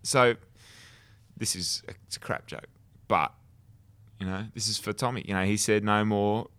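A man's voice: on the low side, normal speed, heavy background noise. An Australian man co-hosting a podcast, telling cheeky, rude jokes in casual chat. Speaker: podcast co-host.

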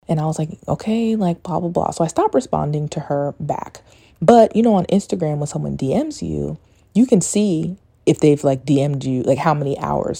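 Young woman podcasting, low mellow voice, swears a lot, very frank. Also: vocal fry, dry recording. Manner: candid, profane, animated retelling. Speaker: podcast host. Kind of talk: casual storytelling monologue.

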